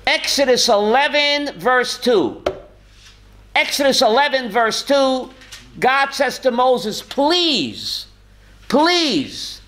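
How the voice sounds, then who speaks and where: A man, a rabbi teaching a lively Torah class, asking rhetorical questions and calling on students by name, often chuckling. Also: very high voice, slow pace, a little hiss or hum.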